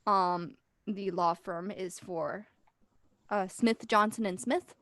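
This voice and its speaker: A woman's voice: medium pitch, steady tone, slow, fairly bright tone, no echo. A woman narrating as game master for a tabletop game, chatty and self-deprecating, on a close mic.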